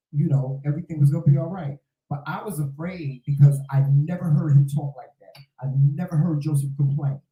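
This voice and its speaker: A man's voice: a little high, mellow. Earnest reflective man, echoey room. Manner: earnest, reflective, repeats himself. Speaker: co-host. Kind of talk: casual chat.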